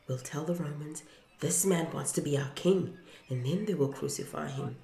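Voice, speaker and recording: A woman's voice: sits low, moderate pace, mellow. A woman reading scornful scheming leaders. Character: scornful male religious leaders. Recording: roomy echo.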